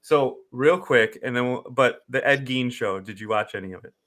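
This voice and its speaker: Excitable bright-voiced man. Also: medium pitch, normal speed. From Wisconsin. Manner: excitable, joking, profane. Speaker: podcast co-host. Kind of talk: casual banter.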